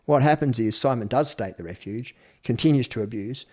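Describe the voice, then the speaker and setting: A man's voice: mid-range voice, a little fast, darkish tone. A man in his fifties with an Australian accent, a podcast guest telling his own story bluntly, swearing freely. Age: 50s. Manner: blunt, swears freely, acts out quoted speech. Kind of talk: personal storytelling interview.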